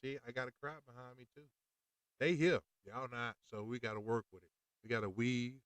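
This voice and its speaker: A man's voice: mid-range voice, fairly even intonation, fairly quick, fairly bright tone, no room sound, low-quality recording. A man hosting a podcast, talking in a fired-up, preachy and slangy monologue. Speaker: podcast host. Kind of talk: opinionated monologue.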